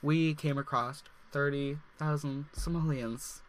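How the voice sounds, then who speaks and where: Chatting excitedly over his gameplay, a young man doing a let's play leans heavily on "like" as filler. His medium-pitched voice, which sounds slightly off, moves at a moderate pace.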